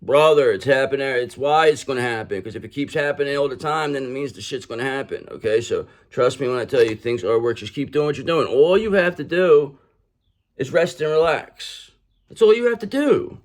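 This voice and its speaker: A man's voice: mid-range voice, brisk. A man giving an online tarot reading in a blunt, streetwise style, swearing freely and talking straight to the listener. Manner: blunt, streetwise and profane, addresses the listener directly. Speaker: tarot reader.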